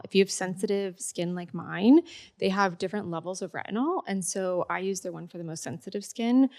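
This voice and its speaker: A woman, a beauty brand founder, talking brightly and laughing as a guest on a live podcast panel. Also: fairly low pitch. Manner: bubbly, laughing, talks up products. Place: busy pop-up shop before a live audience.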